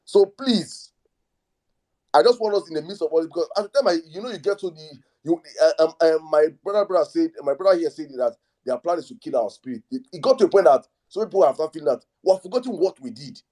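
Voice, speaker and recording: A man hosting a live online discussion, calming speakers and repeating himself for emphasis. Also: a little high, quick pace. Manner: soothing, repeats calming phrases. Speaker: host. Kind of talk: live audio space discussion.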